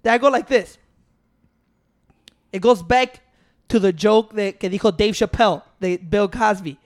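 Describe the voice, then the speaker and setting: A man's voice: high-pitched, moderate pace. A man, co-hosting a casual, profane debate and insisting on finishing his point through interruptions. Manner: insistent, keeps restarting to hold the floor. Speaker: podcast co-host.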